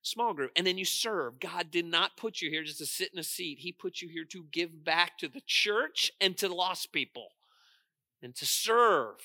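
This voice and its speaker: A man preaching a sermon as pastor, stressing points loudly, dropping into quiet asides and asking the congregation questions. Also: high voice, normal speed, no room sound, studio quality.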